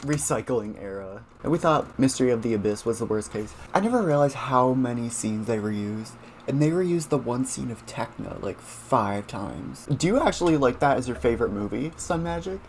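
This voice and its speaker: A man's voice: medium pitch, expressive, normal speed. Male reaction host, chatty and unpolished, medium voice, faint background hum. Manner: chatty, many fillers, chats with viewers. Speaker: show host reacting to cartoon clips. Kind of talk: casual reaction commentary.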